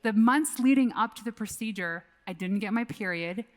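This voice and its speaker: A woman in her forties with a medium-pitched voice and moderate pace delivers a keynote on a conference stage. She shares a personal story candidly and casually, swearing freely as she goes.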